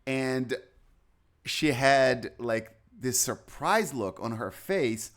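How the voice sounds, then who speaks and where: A man's voice: mid-range voice, drawn-out words. A man giving live chess commentary, rambling and chatty, with anecdotes between moves.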